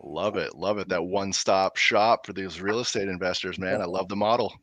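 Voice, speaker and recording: A man hosting a podcast in a loud, energetic, hyped way. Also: low-pitched, fairly quick, dry recording. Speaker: podcast host.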